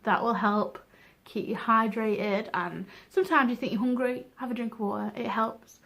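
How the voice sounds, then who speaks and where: A woman's voice: on the high side, moderate pace, a bit bright. A young woman giving frank, chatty advice in a casual vlog, laughing at herself now and then. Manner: chatty, frank, self-deprecating. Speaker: vlogger.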